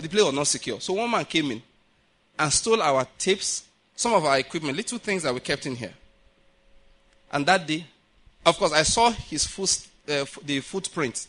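In a church building, a Nigerian-accented male pastor preaches a lively sermon full of stories. His voice is somewhat high for a man, and he repeatedly checks whether the congregation is following his point.

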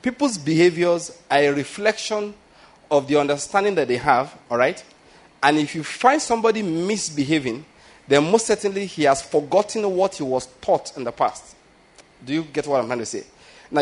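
Pastor preaching, conversational and probing. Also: male voice, fairly high pitch, animated, moderate pace. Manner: conversational preaching, frequent rhetorical questions and restarts. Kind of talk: sermon.

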